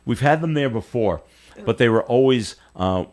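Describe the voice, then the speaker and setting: A male radio host telling a long, animated story in a casual on-air chat, often restarting his sentences. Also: medium pitch, moderate pace. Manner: rambling, animated anecdote with frequent restarts. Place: radio studio.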